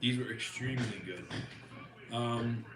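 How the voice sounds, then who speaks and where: Man, relaxed mealtime chat, short replies, background noise. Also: mid-range voice, a little slow. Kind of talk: casual chat at a meal. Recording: echoey room with noisy background.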